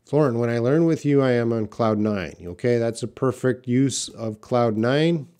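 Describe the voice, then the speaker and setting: A man teaching English in a live question-and-answer class, explaining patiently and repeating words slowly for learners. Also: medium pitch, warm tone.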